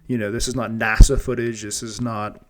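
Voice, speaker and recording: A man's voice: on the low side, level tone, moderate pace, a bit bright, a little hiss or hum. Rambling, earnest male podcast host. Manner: rambling, restarts and repeats words, earnest. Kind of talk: casual monologue.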